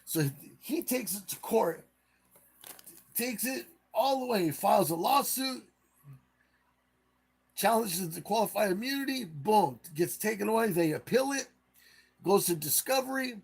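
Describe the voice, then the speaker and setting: A man's voice: high-pitched, animated, a little slow, vocal fry, pauses often, slightly rough. A man hosting a live stream, casually retelling a case in a rambling way and acting out the quotes.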